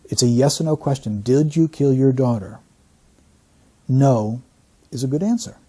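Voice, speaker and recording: A man working as a statement analyst, giving deliberate, teacherly commentary. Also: mid-range voice, warm tone, breathy edge. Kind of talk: explanatory commentary.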